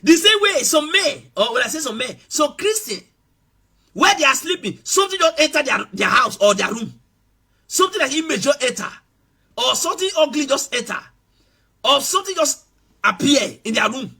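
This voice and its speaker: A man preaches with a high, lively, animated voice that rises into shouts and drops into hushed asides. His tone is bright and forceful with a husky edge. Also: brisk. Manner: emphatic preaching, shifting between shouts and soft asides. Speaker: pastor. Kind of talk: sermon.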